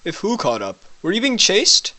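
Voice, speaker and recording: A woman voicing a protective, quick-tempered young man in a visual novel, speaking earnestly and stumbling over words when upset. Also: medium pitch, wildly swooping pitch, bright, forceful tone, voice pushed up, full character voice. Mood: alarmed.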